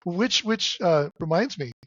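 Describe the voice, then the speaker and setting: A middle-aged man hosting a podcast in casual chat, halting with many fillers and restarts, cracking jokes. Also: sits high, lively intonation, a bit bright, dry recording. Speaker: podcast host. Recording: dull dry lo-fi sound.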